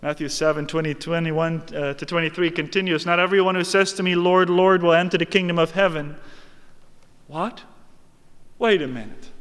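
A man preaching a sermon, slow and emphatic, swinging from hushed lines to raised ones. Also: a little high, steady tone. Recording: long hall reverb.

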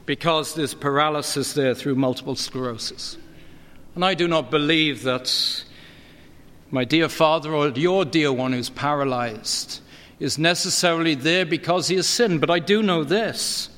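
A middle-aged man preaching a sermon, earnest and expository, his pitch climbing when he presses a point. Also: a little slow, fairly bright tone. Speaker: pastor. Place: church. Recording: long church reverb.

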